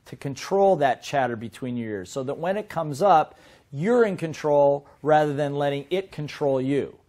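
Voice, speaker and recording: A middle-aged man teaching a sales seminar in a lively way, often asking his listeners questions. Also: on the high side. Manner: lively, asks the audience questions. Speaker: sales trainer.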